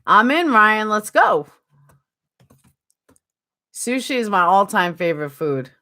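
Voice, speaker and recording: A woman's voice: mid-range voice, very animated, slow, sharp tone. A woman with a New York accent chatting casually on a live stream, answering viewers by name.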